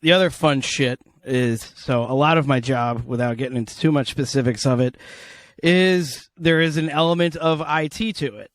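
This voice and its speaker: A man's voice: mid-range voice, moderate pace, no room sound. A man co-hosting a casual comedy podcast, rambling and joking with a slight lisp and plenty of swearing. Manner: rambling, jokey, swears freely. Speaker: podcast co-host.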